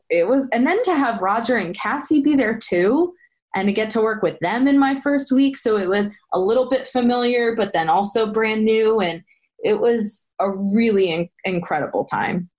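A young woman, a former soap actress, chatting as an interview guest and telling stories with lively, excited quoted voices. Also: medium pitch. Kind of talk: casual interview storytelling.

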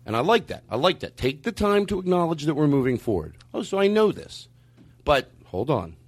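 A man hosting a comedy podcast, ranting emphatically and with profanity, swinging from calm explaining to shouting. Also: fairly high pitch, a little fast. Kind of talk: comedic rant.

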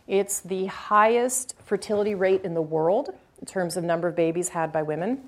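A woman speaking earnestly at a public talk, answering an audience question with a long story. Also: lowish voice. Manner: earnest, animated when retelling encounters, fillers like "um, so".

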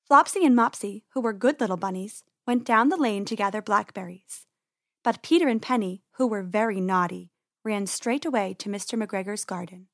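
A woman reading a children's story aloud in an expressive, lively way. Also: medium pitch, moderate pace, no room sound, clean studio sound.

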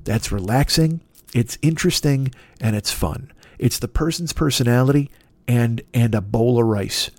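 A man on a podcast, venting in an exasperated, emphatic way and swearing freely. His voice sits at an ordinary middle pitch, and the recording is close and dry with no room sound. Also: normal speed, darkish tone, dry recording. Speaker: podcast host. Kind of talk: casual comedic rant.

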